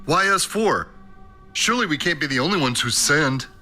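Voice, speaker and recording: A volatile businessman passenger, as a male narrator plays him, ranting and swearing in a raised, sharp voice. He sounds cornered and desperate. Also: on the high side, expressive, normal speed, soft background music, pitched above the performer's own voice. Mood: angry.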